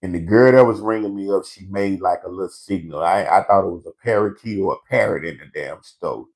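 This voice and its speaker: Brash, gravelly comedy host man. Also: low voice, brisk. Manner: brash, profane, storytelling. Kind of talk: live comedic rant to online viewers.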